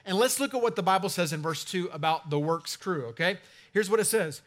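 A man's voice: high-pitched, animated, a little fast, fairly bright tone. A man preaching a sermon as pastor, conversational with jokey asides to the congregation. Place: church sanctuary.

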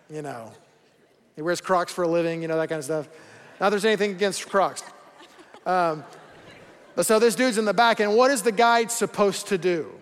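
Man, preacher, sermon, conversational and joking, high voice, long reverb.

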